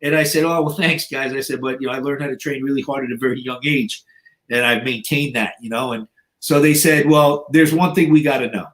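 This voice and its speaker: His pitch is medium and his tone steady, with a fairly quick, slightly bright delivery. This sixty-something podcast guest tells casual stories bluntly and profanely, using many "you know" fillers and playing out other people's lines.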